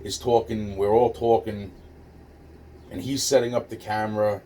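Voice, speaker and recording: A man's voice: fairly low pitch, level tone, normal speed, mellow. A man casually telling a personal story, rambling and profane, with many restarts and fillers. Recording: distant mic with faint noise.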